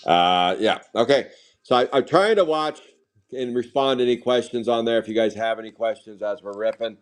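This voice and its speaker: A man's voice: medium pitch, moderate pace, clear, resonant tone, faint music behind. A man chatting casually while opening trading card packs on a live stream, drifting into rambling side stories. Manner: rambling, sidetracked anecdotes.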